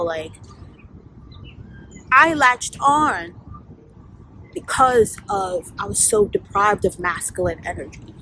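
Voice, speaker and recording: A woman's voice: medium pitch, a little hiss or hum, rough recording. A woman vlogging outdoors, telling a candid, profane story in a casual storytime style full of fillers. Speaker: vlogger and life coach.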